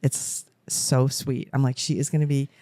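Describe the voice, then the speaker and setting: A woman's voice: very deep voice, level tone, normal speed, mellow, no room sound, studio quality. A middle-aged woman co-hosting a casual family podcast, chatty and emotional, laughing often as a new grandmother.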